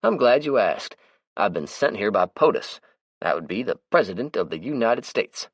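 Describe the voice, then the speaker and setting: Man playing a brash joking survivor, loud and cocky, dry close sound, audiobook. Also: on the low side, very animated, moderate pace, husky, no echo, pitched above the performer's own voice, heavily acted. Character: chatty brash male survivor, joking and bold.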